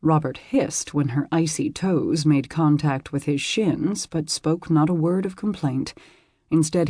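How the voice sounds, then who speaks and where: Man, audiobook narrator, husky voice, measured storytelling, dry close recording. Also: a little high, dark tone, dry recording. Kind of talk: scripted narration of a historical romance.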